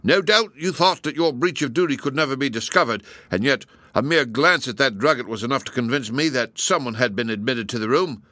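A man's voice: mid-range voice, brisk, few pauses, bright, forceful tone, no echo, pitched above the performer's own voice, lightly acted. A man voicing a brusque, self-important police inspector. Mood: pompous. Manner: brusque, pompous.

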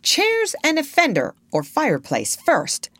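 Lady reading as a bossy little boy captain, high and bright, barking orders. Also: huge pitch swings, moderate pace, vocal fry, no room sound, exaggerated voice. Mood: commanding. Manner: bright, eager, commanding. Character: bossy boyish boy captain, eager and commanding.

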